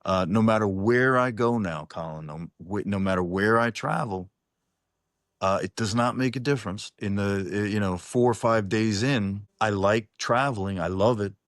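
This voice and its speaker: Man, low voice, casual interview guest, rambling restarts, dry close sound. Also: normal speed, no echo. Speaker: singer-songwriter guest. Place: New Orleans-based. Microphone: online interview call.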